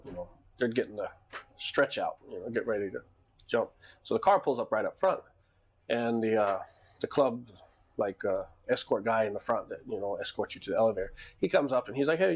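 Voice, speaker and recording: A man who runs a club, telling a story casually in a loose, rambling monologue full of restarts and quoted dialogue. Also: medium pitch. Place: Japan.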